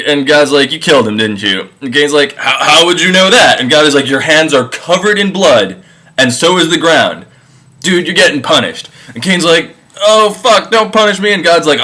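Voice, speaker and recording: Animated young man retelling with profanity. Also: on the high side, rough recording. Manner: irreverent, profane, quick voices for each figure. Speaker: comedic storyteller. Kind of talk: casual comedic retelling.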